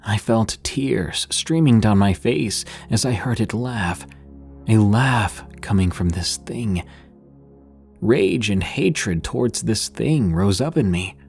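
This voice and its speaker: A man reading horror stories in a measured, grave scripted narration, slowing for dramatic pauses. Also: fairly low pitch, lively intonation, creaky, darkish tone, soft background music.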